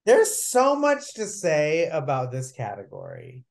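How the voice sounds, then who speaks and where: A woman's voice: sits low, huge pitch swings, a little slow, vocal fry. A woman guest on a casual podcast who talks in an emphatic, opinionated way and swears freely.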